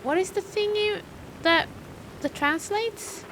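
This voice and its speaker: Very high-voiced young woman streaming. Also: slow, fairly bright tone, slight background noise. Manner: chatty, thinks aloud and talks to chat. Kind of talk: live gameplay commentary.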